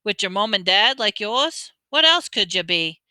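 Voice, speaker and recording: A woman voicing a huge, gruff but big-hearted male giant, speaking slow and booming. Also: sing-song, bright, forceful tone, no room sound, studio quality. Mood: earnest.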